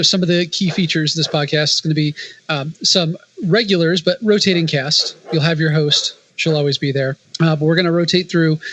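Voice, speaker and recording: A man's voice: on the high side, fairly bright tone, slight background noise, low-quality recording. A man co-hosting a podcast in casual chat, full of dry quips and offhand asides. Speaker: podcast co-host.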